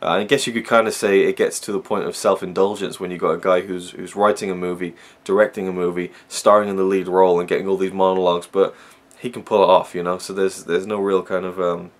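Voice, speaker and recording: A man's voice: low-pitched, little pitch movement, fast talker, hardly any pauses. A man giving a casual, rambling film review, full of fillers and restarts.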